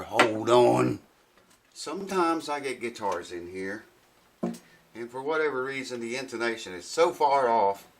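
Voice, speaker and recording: A man's voice: mid-range voice, background noise. A man chatting casually on his guitar repair vlog while unboxing parts, rambling and thinking aloud in a folksy way.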